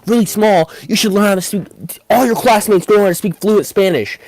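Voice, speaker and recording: A man putting on the voice of a strict, quick-tempered female Spanish teacher who scolds with a raised voice. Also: high voice, a little mellow, no room sound, pitched above the performer's own voice. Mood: furious scolding.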